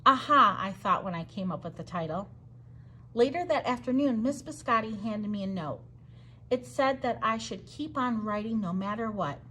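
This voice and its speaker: A woman reading a children's picture book aloud in a gentle, earnest storytelling manner. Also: mid-range voice, lively intonation, normal speed, slightly rough. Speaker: storybook reader.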